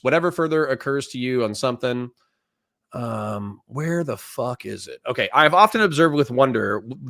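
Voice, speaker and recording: A man's voice: medium pitch, a bit bright, dry recording, studio quality. A young man hosting a livestream, reading old quotes aloud and ranting with profanity and rhetorical questions. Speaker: host. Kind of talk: livestream commentary.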